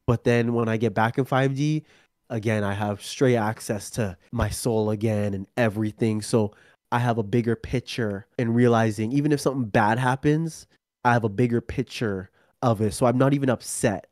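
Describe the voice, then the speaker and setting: A man's voice: mid-range voice, normal speed, darkish tone, dry recording, clean studio sound. Rambling man, guest on a podcast. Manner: rambling, acts out his own quoted remarks. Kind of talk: casual interview talk.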